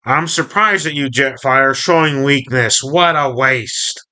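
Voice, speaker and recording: A man's voice: medium pitch, a little slow, bright, forceful tone. Starscream, a sneering robot traitor, read by a man. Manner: sneering, boastful. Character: scheming treacherous male robot jet commander.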